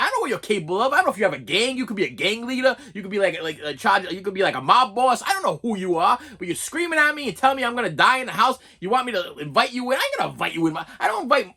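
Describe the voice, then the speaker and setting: Man, casual vlog rant, rambling, repeats words, animated, bright. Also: high-pitched. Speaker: movie collector vlogger.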